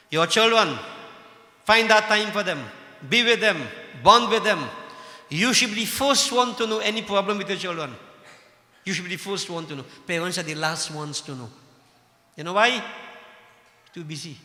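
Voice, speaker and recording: A man preaches to his devotees in a high, very bright voice, scolding and impassioned, firing off rhetorical questions. His sermon rings through a roomy temple hall with a long reverb tail. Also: normal speed. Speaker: religious leader addressing devotees.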